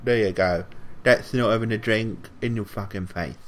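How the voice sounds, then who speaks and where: A man's voice: lowish voice, moderate pace, fairly bright tone, a little hiss or hum. A young man, mocking and insulting strangers in a game's voice chat through a headset. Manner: taunting, mocking and crude. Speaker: online troll. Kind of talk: trolling in game voice chat.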